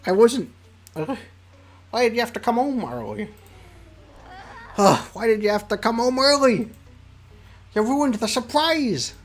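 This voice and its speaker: Shy self-doubting zombie girl, stammers, pitched up, man doing her voice for a game read-through. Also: lively intonation, a little slow, long pauses, soft background music, full character voice. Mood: flustered. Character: shy flustered zombie girl, young woman.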